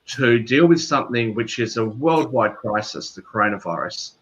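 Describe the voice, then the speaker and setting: Australian guy chatting on a call, thoughtful, bright tone, kinda muffled audio. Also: medium pitch, animated, moderate pace. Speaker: guest. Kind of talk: casual video call chat. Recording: dull lo-fi audio.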